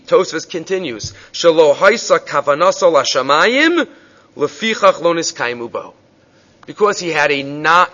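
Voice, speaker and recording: A man teaching a Gemara class, telling the stories with animated voices for the people in them. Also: a little high. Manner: animated storytelling, acting out voices in quotes. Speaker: Talmud teacher. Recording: dull lo-fi recording.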